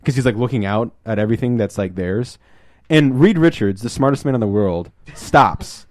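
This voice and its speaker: A man hosting a podcast in casual chat, rambling through a film plot and acting out the lines in quick put-on voices. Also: medium pitch, no room sound. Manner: rambling retelling, acts out quotes in shifting voices. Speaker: podcast host.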